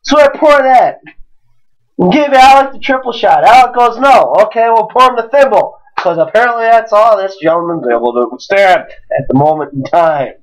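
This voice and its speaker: A man's voice: high voice, normal speed, rough recording. Rowdy young man telling a drinking story. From Wisconsin. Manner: profane, animated, swings into quoted voices. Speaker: podcast host.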